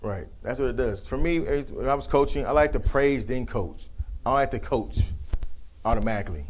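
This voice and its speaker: A man presenting a leadership workshop, talking in a casual, colloquial and animated way while acting out role-plays. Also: medium pitch, fairly quick, poor audio.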